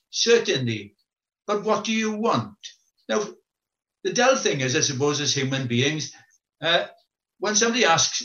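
A man delivers a sermon in a church. His voice is bright and a little high, and it carries into an echoey hall. He tells stories, acts out the lines of the people in them, and comes back again and again to the same question. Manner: storytelling, acts out quoted voices, repeats questions. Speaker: preacher. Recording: echoey room, dull lo-fi sound.

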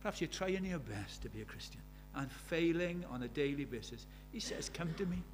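A man's voice: a little high, lively intonation, normal speed, a little hiss or hum. A British man preaching a sermon, telling stories with emphasis and repeating key phrases.

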